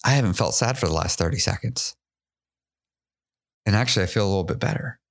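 A man hosting a podcast, telling a personal story in a candid, halting way, often repeating his words and laughing at himself. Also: on the low side, lively intonation, creaky. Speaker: podcast host.

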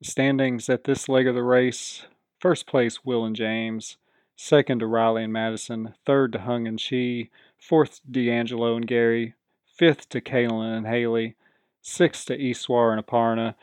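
Male podcast host, casual recap, medium pitch, dry close mic. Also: unhurried, no echo. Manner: chatty, quotes the contestants in animated voices. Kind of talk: casual reality show recap.

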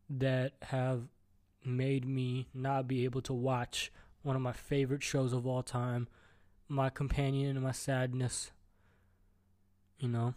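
A man's voice: mid-range voice, a little mellow. Rambling, profane man hosting a podcast. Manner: rambling, profane, jumps between topics; stutters and restarts. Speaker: podcast host. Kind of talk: solo podcast rant. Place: at home.

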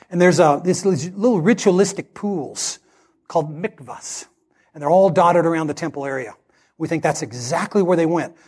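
A man preaching a sermon as pastor, telling stories and acting out the dialogue with animated delivery. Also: a little high, husky.

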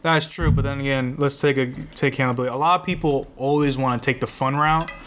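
A man's voice: mid-range voice, steady tone, fast talker, fairly bright tone, a little hiss or hum. A man in his twenties in casual chat, laid-back and laughing often, with some swearing. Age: 20s.

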